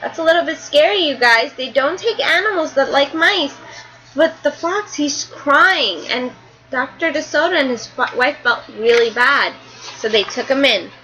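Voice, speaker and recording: High bright teacher reading to class. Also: female voice, normal speed, poor audio. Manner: animated, explains words and pictures to children. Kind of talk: reading a picture book aloud to a class.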